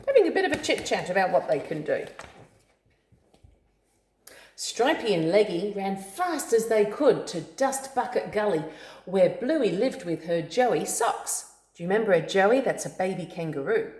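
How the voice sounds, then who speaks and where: A woman reading a picture book aloud to a child, slow storytelling with friendly asides. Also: lowish voice, sing-song, darkish tone. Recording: echoey room.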